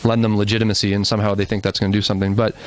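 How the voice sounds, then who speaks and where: A man's voice: lowish voice, level tone, racing, rough recording. A man giving an earnest presentation in a church, explaining with asides and restarts. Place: church hall.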